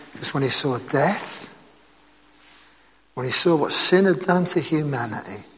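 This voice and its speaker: A man preaching a sermon in a lively, conversational way, asking his listeners rhetorical questions. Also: on the high side, long reverb tail.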